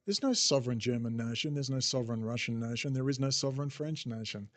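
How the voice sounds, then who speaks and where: A man's voice: medium pitch, fast talker, fairly bright tone. A man hosting a casual livestream, rambling off the cuff, swearing freely and answering viewer chat as he goes. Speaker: livestream host.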